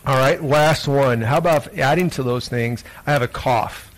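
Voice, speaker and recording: A male pastor gives a children's sermon in church, speaking at medium pitch and normal speed on a rough recording. He reads scripture, then playfully asks the children lots of questions.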